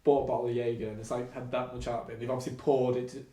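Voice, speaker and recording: A man's voice: mid-range voice, level tone, rapid-fire, mellow. Blunt, sweary man in an echoey room. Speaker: podcast co-host. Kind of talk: casual banter.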